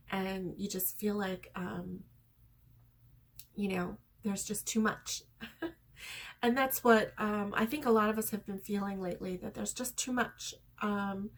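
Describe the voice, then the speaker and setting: A middle-aged woman talks straight to her viewers as a crochet vlogger, her voice sitting at an ordinary middle pitch. She rambles in a warm-hearted, sincere way, often pausing with ums and you-knows. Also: gravelly. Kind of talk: casual chat to viewers.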